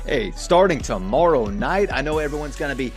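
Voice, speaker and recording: A man's voice: mid-range voice, animated, a little fast, faint music behind. A man co-hosting a casual sports podcast, bantering loosely and jokingly with plenty of fillers. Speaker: podcast co-host.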